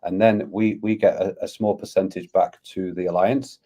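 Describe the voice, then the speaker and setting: A man's voice: sits low, fairly even intonation, normal speed, mellow. A man, a guest on a podcast, talking eagerly and at length in a casual conversation. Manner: eager, rambling, talks at length. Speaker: guest, crypto community founder.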